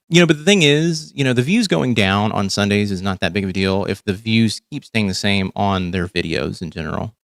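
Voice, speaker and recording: A man's voice: lowish voice, vocal fry, no echo, studio quality. A man hosting a casual reaction livestream, talking bluntly and profanely with lots of restarts. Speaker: livestream host.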